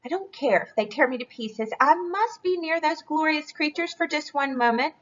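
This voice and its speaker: A woman's voice: high voice, animated, normal speed, fairly bright tone, muffled recording, pitched above the performer's own voice. A woman voicing a lonely, desperate ugly duckling with dramatic yearning in a storybook read-aloud.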